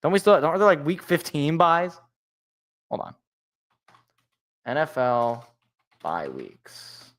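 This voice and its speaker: A man's voice: a little high, animated, unhurried, pauses often, a bit bright. A young man hosting his own sports show, chatting casually and rambling into joking, self-deprecating tangents. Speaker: sports podcast host. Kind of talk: casual solo sports talk.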